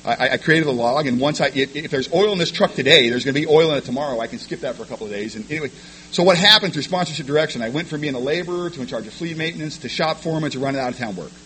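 A man's voice: a little high, fairly bright tone, a little hiss or hum, poor audio. A man sharing his personal recovery story with a meeting, frank and self-deprecating, often stumbling over repeated words. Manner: rapid, stumbling repetitions of words.

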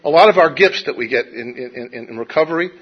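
A middle-aged man shares a personal recovery story in a wry, self-deprecating manner, stumbling into restarts as he goes. His voice sits at an average pitch. The recording is dull and lo-fi. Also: expressive, quick pace, husky. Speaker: speaker sharing a recovery story. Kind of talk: personal storytelling to a live audience.

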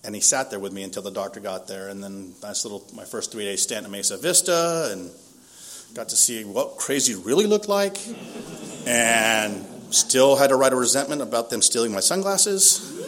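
Candid self-mocking man, fairly low voice. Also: a bit bright. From Southern California. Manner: candid, self-deprecating, laughs often. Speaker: speaker at a recovery meeting. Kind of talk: personal recovery testimony.

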